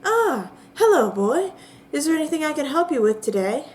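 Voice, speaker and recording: Woman doing a female jail clerk, high sing-song voice, welcoming, text adventure role-play. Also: big pitch swings, moderate pace, a little hiss or hum. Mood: warm greeting.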